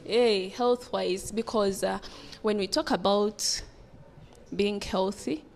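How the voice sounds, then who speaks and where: A woman's voice: mid-range voice, steady tone, takes it slowly, gravelly, darkish tone, slight background noise. A woman with a Ugandan English accent speaking casually on a panel and often murmuring agreement. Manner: chatty, frequent agreeing murmurs.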